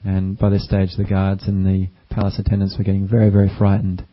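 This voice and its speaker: A man giving a gentle, unhurried dharma talk as a meditation teacher, with frequent ums and uhs. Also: low voice, completely flat delivery. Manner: gentle, unhurried, with many fillers. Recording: dull lo-fi recording.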